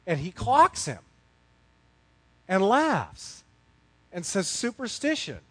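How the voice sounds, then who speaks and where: A male pastor preaching with a high, lively voice that leaps up and drops low. He tells a story, moving from hushed tones to loud bursts. The sound is close and dry, with no room echo. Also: drawn-out words. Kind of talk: sermon.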